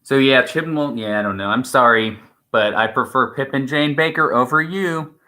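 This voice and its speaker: A man's voice: medium pitch, moderate pace, sharp tone. A man co-hosting a stream in casual chat, rambling and opinionated, with many restarts. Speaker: stream co-host.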